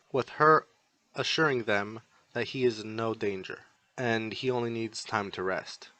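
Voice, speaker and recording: Guy reading fan fiction out loud, plain narrating, dry close mic, middle pitch. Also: dry recording. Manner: plain storytelling, repeated "he would say". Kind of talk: reading a fan story aloud.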